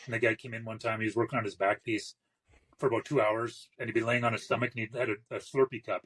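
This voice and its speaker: A man with a husky, slightly rough voice tells one shop anecdote after another at a brisk clip. He rambles casually and acts out other people's lines as he goes. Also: lowish voice, steady tone, fairly bright tone, rough recording. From western Canada. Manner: rambling, quick anecdotes with acted-out quotes. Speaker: tattooer guest. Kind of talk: casual storytelling.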